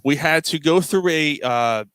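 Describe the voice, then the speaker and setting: A man's voice: a little slow, clear, resonant tone, no room sound. A man hosting a podcast, telling a story in casual chat and acting out the quotes. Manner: animated, acts out quotes with pitch jumps. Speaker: podcast host.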